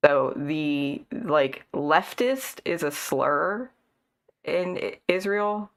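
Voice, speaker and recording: A woman in a casual political chat, speaking in a measured way and thinking aloud with fillers. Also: deep voice, animated.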